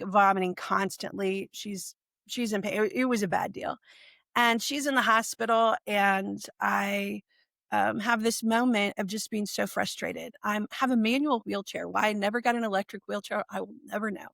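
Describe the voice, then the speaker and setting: A woman in her forties, a podcast guest, telling her personal story in a lively way and acting out what people said. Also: mid-range voice, creaky, dry recording, clean studio sound. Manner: animated, acts out quoted speech.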